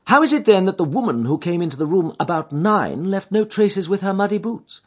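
A man reading an audiobook, voicing a brisk, sharp detective who asks crisp, probing questions. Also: high-pitched, expressive, pitched above the performer's own voice. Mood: keen, probing. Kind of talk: audiobook character voice. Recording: dull lo-fi recording.

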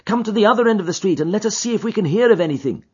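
A man's voice: sits high, animated, very fast, breathy edge, voice pushed up. A man voicing a pushy, insistent doorman. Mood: urgent. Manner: urgent, insistent pleading. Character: anxious, pushy male commissionaire, a London doorman. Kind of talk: audiobook character voice. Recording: dull lo-fi recording.

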